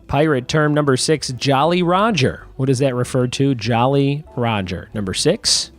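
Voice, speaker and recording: A man hosting a trivia podcast in a casual, joking way, reading out quiz terms slowly and clearly and then riffing on them. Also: medium pitch, faint music behind. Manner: playful, jokey, drawn-out quiz terms.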